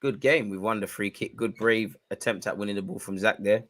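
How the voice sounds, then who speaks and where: A young man hosting a football watch-along, commenting live and shouting at the referee. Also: brisk. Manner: animated, shouts at the referee, spikes in pitch and volume.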